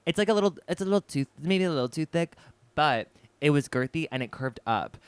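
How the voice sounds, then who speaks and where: Brief: young male podcast co-host, animated storyteller, quick clear delivery. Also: fairly high pitch, no room sound. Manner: animated storytelling, acting out both sides with quick voice shifts. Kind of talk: casual chat, telling a story.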